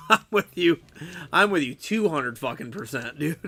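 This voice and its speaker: On a game live stream, a laid-back young adult man talks casually with viewers, swearing freely, laughing often, and saying "dude." His slightly high voice is animated yet unhurried, creaky, bright, and forceful.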